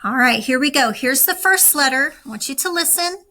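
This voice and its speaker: A woman teaching a recorded lesson, speaking slowly and deliberately to young students. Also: high voice, expressive, bright, forceful tone, low-quality recording. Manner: slow, deliberate, instructive.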